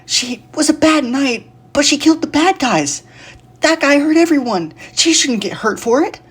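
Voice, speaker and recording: A storyteller voicing a brave young boy who shouts to defend someone. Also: high-pitched, expressive, normal speed, pitched above the performer's own voice. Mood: defiant. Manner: shouting, childlike.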